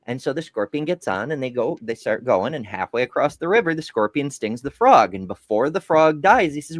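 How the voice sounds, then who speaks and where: A man chatting casually on a podcast panel, swearing freely and telling stories with animated energy. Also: medium pitch, fairly quick, few pauses, no echo, studio quality. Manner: profane, animated storytelling. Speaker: podcast co-host.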